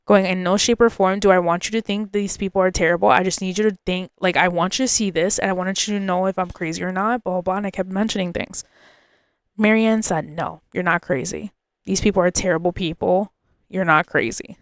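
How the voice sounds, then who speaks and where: A woman's voice: mid-range voice, steady tone, moderate pace, smooth, dry recording, clean studio sound. A woman hosting a podcast, telling a personal story in an emotional, confiding way and often repeating herself. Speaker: podcast host.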